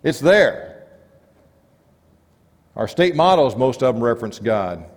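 A man's voice: sing-song, slow pace. Man preaching in a reverberant church. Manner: rising and dropping emphatic delivery, quiet low stresses. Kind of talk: sermon. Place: church sanctuary.

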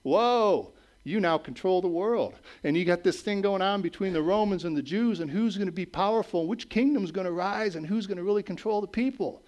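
Middle-aged guy preaching, kinda high voice, chatty, keeps asking "okay?" and "right?". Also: brisk. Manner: conversational preaching, frequent "okay?" and "right?" checks; swings between raised emphatic lines and low quiet asides. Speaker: pastor. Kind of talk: sermon.

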